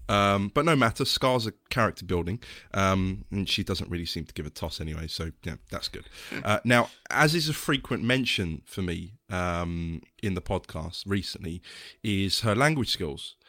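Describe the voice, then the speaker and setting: A man with a lowish voice talks casually as a podcast co-host, pausing often with ums and false starts. His voice sounds close and dry, with no room around it. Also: lively intonation, sharp tone, no room sound. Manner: hesitant, full of ums and restarts. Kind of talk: casual chat.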